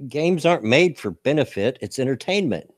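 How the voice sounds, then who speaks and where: A man's voice: mid-range voice, expressive, normal speed, dry recording, studio quality. Laid-back American man, chatty host. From United States. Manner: laughs easily, folksy and chatty. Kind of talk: casual live-stream chat.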